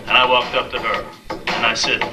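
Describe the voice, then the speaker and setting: A man in his thirties doing a stand-up comedy set, telling dating stories deadpan and acting out the quotes. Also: mid-range voice, normal speed, distant mic, over loud music, low-quality recording. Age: 30s. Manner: deadpan storytelling with acted-out quotes. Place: small live comedy venue.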